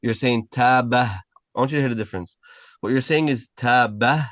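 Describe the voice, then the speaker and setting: A man teaching an online Arabic class, patiently correcting pronunciation and repeating sounds slowly. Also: medium pitch, a bit bright, no echo. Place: video call.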